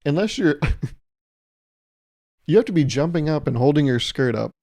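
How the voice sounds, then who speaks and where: A man's voice: a little high, expressive, measured pace, warm tone. A man hosting a solo comedy podcast, rambling through stories in a self-mocking way and laughing often. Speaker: podcast host.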